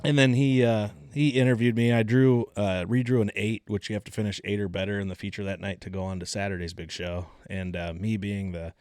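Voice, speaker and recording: A man telling racing stories as a podcast guest, animated and cocky, swearing freely. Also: fairly low pitch, a little fast, few pauses, smooth, no echo, clean studio sound. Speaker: guest, race car driver. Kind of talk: casual storytelling.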